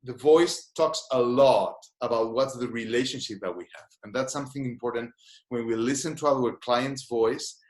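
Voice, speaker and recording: A man's voice: mid-range voice, normal speed. A man who is a therapist, giving an online seminar. He explains things thoughtfully and invites listeners to try short exercises. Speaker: gestalt therapist teaching a seminar. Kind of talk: online webinar lecture. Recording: roomy echo.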